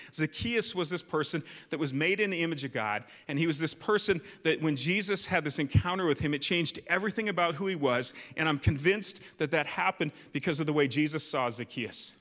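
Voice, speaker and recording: A man, a youth pastor, telling a lively personal story in a sermon, with lots of likes and restarts. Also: a little high. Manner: animated storyteller, many fillers. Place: church hall. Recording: long church reverb.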